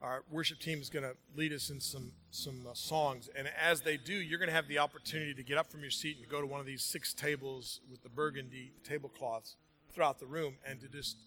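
There's slight background noise as a man with a medium-pitched, pushed and bright voice delivers a sermon in a large room with a congregation. The pastor is conversational and jokey, building energy before settling into scripture reading.

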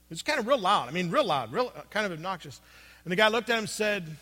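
Bright, high-voiced preacher in a reverberant hall. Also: male voice, lively intonation, fast talker. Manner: conversational storytelling, many fillers, swings from loud to hushed. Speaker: pastor. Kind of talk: sermon with personal story.

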